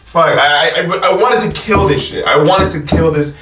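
A man in a casual comedy chat who talks excitably, with frequent stammers and swearing. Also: on the high side, moderate pace. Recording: roomy, distant mic, faint noise.

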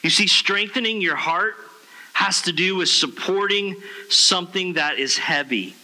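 Bright-voiced pastor preaching casually. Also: male voice, high voice, a little slow, low-quality recording. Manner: conversational, animated storytelling with casual slang. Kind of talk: sermon.

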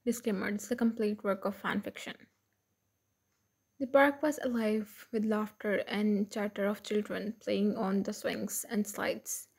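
A woman's voice: medium pitch, fairly even intonation, unhurried, gravelly, a little mellow, breathy edge. A woman narrating a fan fiction story and reading all the parts in her own voice. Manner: reads every part in her own voice.

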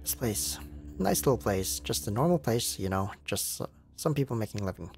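A man's voice: fairly low pitch, animated, a little fast, creaky, a little mellow, soft background music. Man putting on a spaced-out rambling camp cook. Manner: drawling, evasive, keeps urging to sit and smoke.

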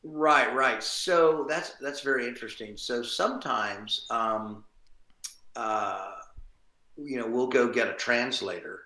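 A man, a voice actor guest, chatting casually in an interview, animated and quick with asides and chuckles. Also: medium pitch. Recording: roomy echo.

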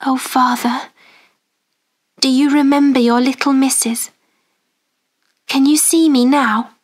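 Lady reading as a quiet brave little girl, soft and earnest, high and slow. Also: steady tone. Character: poor brave young servant girl.

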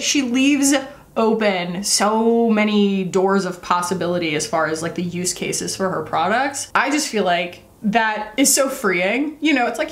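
A woman's voice: medium pitch, lively intonation, normal speed. A woman in her thirties chatting through a makeup tutorial as a beauty vlogger, rambling with lots of fillers. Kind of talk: casual makeup tutorial chat. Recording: echoey room.

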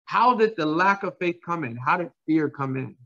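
A man's voice: on the high side, lively intonation, moderate pace, bright, forceful tone. Impassioned man preaching, muffled lo-fi sound. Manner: impassioned, repeats phrases, asks the congregation to answer. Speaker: pastor. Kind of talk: sermon. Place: church. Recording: dull lo-fi sound.

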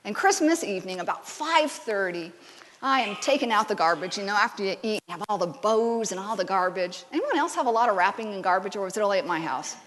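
A woman's voice: medium pitch, fast talker, slight background noise. A woman giving a conversational sermon, telling stories and bantering with the congregation in a church sanctuary. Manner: lively storytelling, banters with the congregation. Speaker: preacher. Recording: long church hall reverb.

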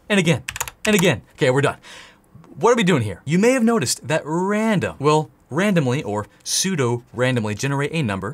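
A man hosting a tech tutorial, playful and jokey, talking straight to the viewer as he types. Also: mid-range voice. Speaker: tech course host. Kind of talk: energetic screen-share tutorial.

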